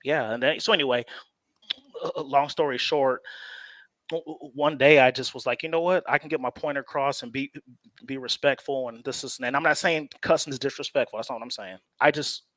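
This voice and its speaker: A man's voice: medium pitch, steady tone, a little fast, a bit bright, no echo. A man co-hosting a casual sports chat, telling a personal story at an easy pace and laughing often. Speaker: co-host.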